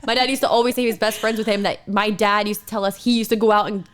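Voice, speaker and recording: A young woman co-hosting a podcast, talking casually with lots of fillers and animated storytelling. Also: medium pitch, rapid-fire. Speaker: podcast co-host. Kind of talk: casual chat.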